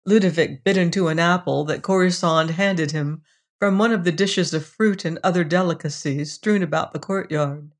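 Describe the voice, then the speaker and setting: A narrator reading a science fiction story in a calm, even manner. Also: medium pitch, moderate pace. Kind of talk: audiobook narration.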